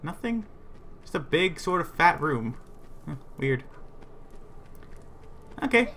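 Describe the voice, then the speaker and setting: A man's voice: on the high side, very animated, slow pace, bright, forceful tone, a little hiss or hum. A man livestreaming a video game, giving rambling play-by-play commentary to himself and his chat. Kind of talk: live gameplay commentary.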